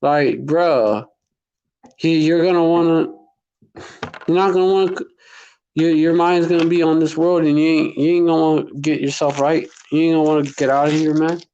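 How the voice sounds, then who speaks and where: A man's voice: fairly high pitch, fairly even intonation, normal speed, warm tone, highs cut off, slight background noise. Slangy man preaching from scripture. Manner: loose slangy talk, reads verses aloud. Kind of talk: casual scripture teaching.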